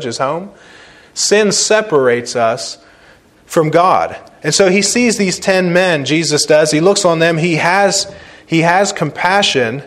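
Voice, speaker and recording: A male pastor delivers a sermon in a somewhat high voice. He preaches with emphasis, repeating phrases and swinging from loud stressed words to quiet, slow points.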